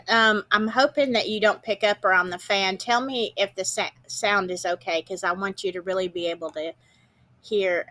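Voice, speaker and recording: A woman's voice: medium pitch, bright, forceful tone. A woman hosting a casual livestream from home, chatty and greeting viewers by name, her voice congested with a morning cold. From Southern United States. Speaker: livestream show host. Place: home, indoors.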